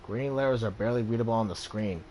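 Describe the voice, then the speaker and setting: A man hosting a let's play, reading game text aloud in a relaxed way with small slips. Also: lowish voice, fast talker, a little hiss or hum.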